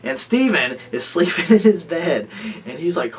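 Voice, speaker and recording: A young man telling a story among housemates, animated, laughing often and acting out what others said. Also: a little high, normal speed, few pauses. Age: young adult. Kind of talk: casual storytelling. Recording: distant mic with faint background noise.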